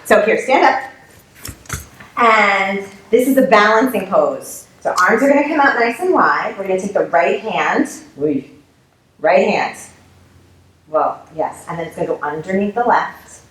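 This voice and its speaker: A woman's voice: medium pitch, animated, a little slow, a bit bright, reverberant. A woman teaching a family yoga class, upbeat and playful, making animal sounds as she guides poses.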